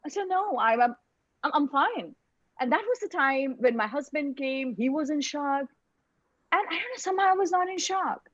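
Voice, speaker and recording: A woman tells her own story in a web lecture, halting and repeating words as she goes, heard over a video call microphone. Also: high voice, lively intonation, no room sound, dull audio.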